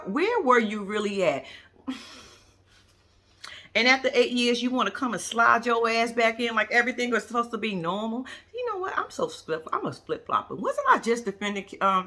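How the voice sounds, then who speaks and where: A woman holds forth in an unscripted vlog rant, blunt and profane, circling back and interrupting herself. Her voice is bright and sharp, and her pitch swings widely as she talks straight to her viewers. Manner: rambling, with self-interruptions. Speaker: vlogger reviewing a reality show. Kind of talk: casual unscripted commentary.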